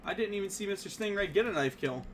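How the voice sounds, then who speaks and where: A man casting a live esports match with rapid play-by-play and bursts of excitement on big plays. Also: sits high, slight background noise. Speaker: esports caster.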